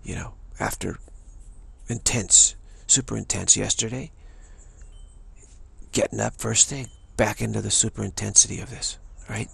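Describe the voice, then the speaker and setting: Husky gravelly guy preaching hard about spiritual stuff, keeps repeating himself. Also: lowish voice, steady tone, measured pace, fairly bright tone, no echo. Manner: emphatic, repetitive, many restarts. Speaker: spiritual teacher. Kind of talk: spiritual talk.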